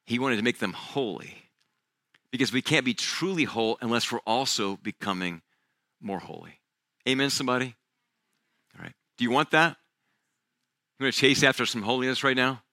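Bright, dry-voiced male pastor preaching. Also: mid-range voice, expressive, moderate pace, long pauses, no room sound. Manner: conversational storytelling with casual fillers. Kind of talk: sermon.

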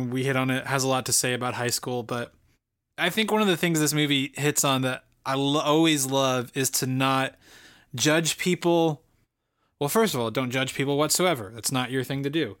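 A smooth, fairly bright voice of medium pitch at a moderate pace belongs to a man in his late twenties. He co-hosts a podcast and rambles happily through a casual film review chat, leaning on fillers throughout.

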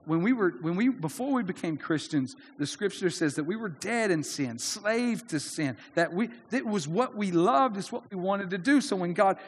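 A man's voice: high-pitched, lively intonation, moderate pace, hardly any pauses, husky, in a large hall. A man preaching a sermon in an earnest, conversational way, often restarting his sentences. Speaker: pastor.

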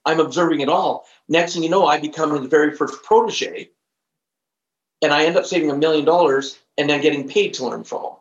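A man's voice: a little high, fairly quick. A man in his fifties, a professional trainer on a podcast, telling an emphatic story and acting out the dialogue. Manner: animated, emphatic storyteller who acts out dialogue. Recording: roomy, slightly dull recording.

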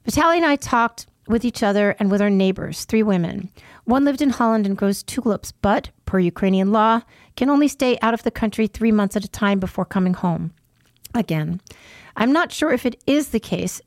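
A woman's voice: mid-range voice, dry recording, studio quality. A woman reading her own first-person dispatch aloud, breaking off for wry conversational asides.

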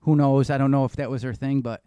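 A man's voice: mid-range voice, steady tone, quick pace, mellow, clear, resonant tone, dry recording. A man telling loose, rambling stories in casual chat, swearing now and then.

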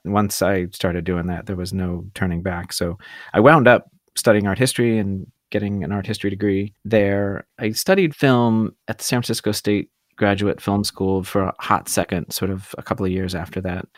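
A man telling the story of his career in a relaxed interview, rambling and self-deprecating, with hesitant restarts. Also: lowish voice, no echo, studio quality. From California. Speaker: guest food photographer.

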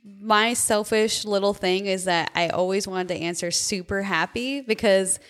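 A woman's voice: medium pitch, a little slow, a bit bright. A young woman chatting casually about working at a coffee shop drive-through, laughing often and acting out customers. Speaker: former coffee shop barista. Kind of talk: casual chat.

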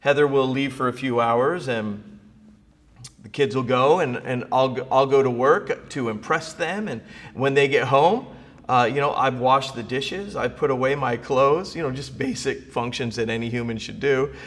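A man's voice: medium pitch, normal speed, big-room sound. A man preaching a sermon, building emphasis through repeated phrases. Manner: preaching with rising emphasis and repetition. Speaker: pastor.

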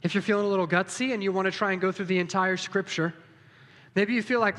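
High-voiced pastor preaching in a reverberant hall. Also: male voice, steady tone, fast. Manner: casual, encouraging, talks straight to the congregation. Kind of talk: sermon with closing prayer. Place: church sanctuary. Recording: reverberant church hall with soft music.

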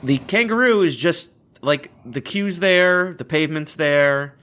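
A man's voice: on the high side, measured pace, fairly bright tone. Rambling young man hosting a podcast. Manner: rambling, self-correcting, laughs often. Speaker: podcast host. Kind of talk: casual chat.

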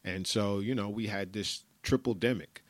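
Man, podcast host, blunt profane rant, low voice, dry close sound. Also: normal speed, dry recording. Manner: blunt, profane, repetitive ranting.

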